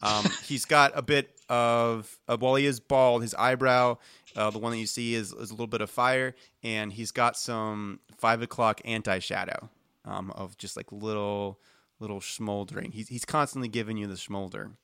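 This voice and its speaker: A man's voice: fairly low pitch, fairly even intonation, moderate pace, pushed and bright, smooth, dry recording, clean studio sound. A man narrating a tabletop game as game master, chatty and jokey. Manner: chatty, jokey, trails off with ums.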